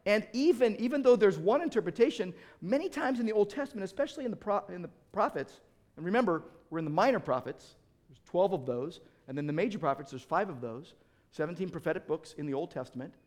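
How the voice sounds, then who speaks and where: High-voiced animated male pastor preaching. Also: fast talker. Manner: animated, acts out quoted voices, frequent restarts. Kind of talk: sermon.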